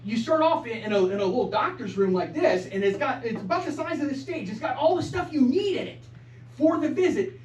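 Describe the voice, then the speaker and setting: A man's voice: very high-pitched, expressive, a little fast, a little mellow, a little hiss or hum. A man performing a stand-up comedy set in a small club, stammering and repeating words in a self-mocking way, with the audience laughing behind him. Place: small improv club stage. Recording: roomy live club sound from far off.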